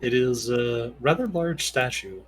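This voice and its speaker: A man's voice: mid-range voice, measured pace, soft background music, poor audio. A man narrating as game master of a tabletop game, laid-back and casual.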